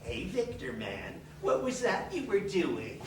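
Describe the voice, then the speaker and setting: A man's voice: sits high, huge pitch swings, a little slow, recorded from a distance, full character voice. An actor on stage mimicking a chummy, patronising male therapy group leader. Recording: echoey theatre recorded from afar, noisy.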